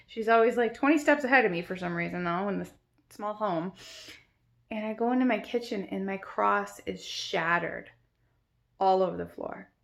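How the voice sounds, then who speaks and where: Gravelly-voiced woman rambling through a dream. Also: mid-range voice, moderate pace, fairly bright tone. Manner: rambling, many "like" fillers. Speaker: storyteller. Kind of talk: casual dream retelling.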